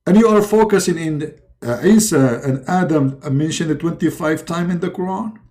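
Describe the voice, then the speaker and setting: A man giving mocking commentary in a halting delivery with many fillers. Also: on the high side, a little mellow. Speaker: religious debate streamer.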